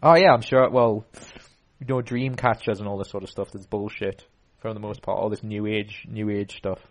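A man's voice: lowish voice, fairly even intonation, normal speed. A man hosting a casual podcast, telling a rambling story full of fillers and restarts. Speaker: podcast host.

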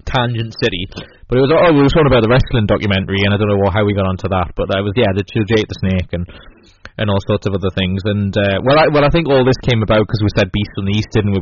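A man's voice: on the low side, slight background noise. Rambling man hosting a podcast. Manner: rambling, lots of fillers and restarts, acts out quotes. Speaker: podcast host. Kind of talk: casual chat. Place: indoor room in northeast England. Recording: dull lo-fi podcast audio.

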